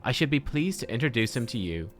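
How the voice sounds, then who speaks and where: A man voicing an earnest, formal young male scholar, reading game dialogue in a measured, old-fashioned way. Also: medium pitch, big pitch swings, lightly acted.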